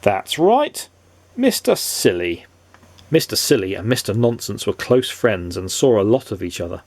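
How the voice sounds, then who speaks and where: Dad reading a storybook aloud, playful and very expressive, with a gravelly texture. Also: male voice, lowish voice, moderate pace, no room sound. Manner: animated, playful asides to a child listener.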